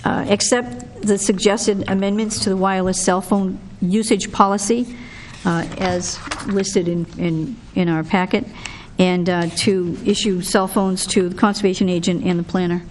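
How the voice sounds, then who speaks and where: A woman on a town board, making motions and suggestions in a polite, halting way with frequent fillers. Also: medium pitch, steady tone, a little mellow. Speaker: board member. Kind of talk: meeting discussion. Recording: faint background noise, public meeting room.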